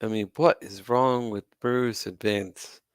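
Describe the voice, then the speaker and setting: A man with a lowish, clear, resonant voice speaks slowly and with fairly even intonation. He hosts a wrestling commentary channel and is ranting to camera, sarcastic and exasperated, cursing from time to time. The studio sound is clean, with no room sound.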